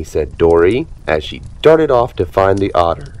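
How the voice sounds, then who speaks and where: A man reads a children's picture book aloud in a low voice. His intonation rises and falls dramatically as he tells the story. The delivery is expressive and animated for young listeners. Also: unhurried. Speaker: storybook reader.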